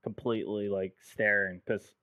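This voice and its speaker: A man's voice: fairly low pitch, level tone, normal speed, pushed and bright, no room sound. A man from the United States, a guest producer in casual podcast chat, telling stories loosely with lots of "like" and casual swearing. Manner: loose storytelling, heavy filler "like", swears casually. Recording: dull lo-fi dry sound.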